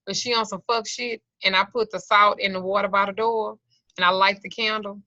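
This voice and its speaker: Teaching an occult class over a video call, a middle-aged woman swears freely, jokes and acts out little scenes and voices like a profane storyteller. Her mid-range voice is bright and forceful, steady in tone and a little fast. There's no room sound, but the video call audio is dull and lo-fi.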